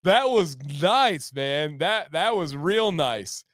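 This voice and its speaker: A man's voice: on the high side, animated, slow, fairly bright tone, no room sound, studio quality. A man hosting a casual livestream, reading out chat comments in an upbeat, playful way. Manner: upbeat, reads chat aloud and breaks into playful raps. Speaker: livestream host.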